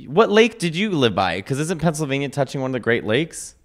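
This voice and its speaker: A man's voice: mid-range voice, very animated, fairly quick. A man with a Chicago accent co-hosts a loose comedy podcast. He talks in a chatty, teasing way, always ready to explain things to his co-host. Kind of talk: casual comedy podcast chat.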